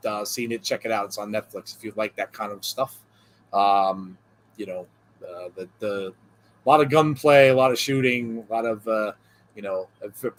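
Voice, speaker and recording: In casual chat on a wrestling podcast, a male co-host with a medium-pitched voice reads viewer jokes aloud. His delivery is loose and rambling, full of fillers and frequent chuckles.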